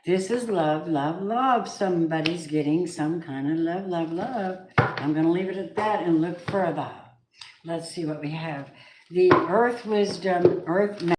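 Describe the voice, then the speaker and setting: A woman giving a casual, excitable tarot reading, chatting to viewers and reacting with gasps and laughs. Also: on the low side, measured pace. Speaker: tarot reader. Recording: echoey room with faint noise.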